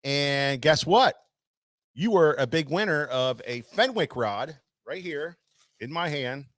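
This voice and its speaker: A man's voice: a little high, animated, slow pace, fairly bright tone, no echo, studio quality. A man hosting a live fishing tackle show, calling out viewers by name with lots of energy and loose filler words. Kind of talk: casual live-stream hosting.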